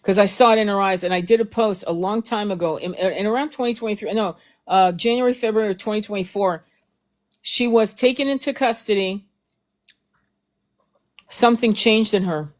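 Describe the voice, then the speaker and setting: A woman's voice: medium pitch, normal speed. Blunt, swearing woman ranting. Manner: blunt, profane, emphatic, repeats herself. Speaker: host. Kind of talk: heated casual commentary.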